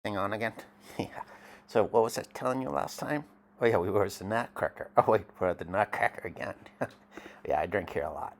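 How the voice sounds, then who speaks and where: A man playing a gravelly, rambling jackalope actor. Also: on the low side, a little fast. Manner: rambling, loopy, easily sidetracked. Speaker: interviewee in a mock documentary.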